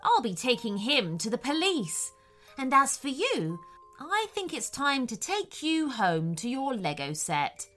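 A woman reading a children's story, voicing a kind but stern female scientist who talks briskly and confidently. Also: high voice, very animated, a bit bright, faint music behind, heavily acted. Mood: reassuring.

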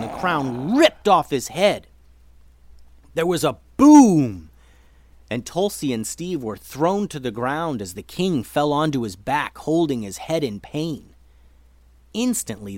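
A man narrating a children's adventure story in a lively, expressive way as the podcast host. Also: mid-range voice, no room sound. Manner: lively, expressive reading for kids.

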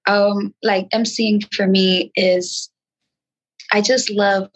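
A woman from New York, a rapper talking in a casual interview, with a nasal voice and halting speech full of restarts. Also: little pitch movement, low-quality recording. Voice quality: nasal, sometimes high-pitched. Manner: frantic, halting speech with many restarts and fillers. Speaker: rapper guest.

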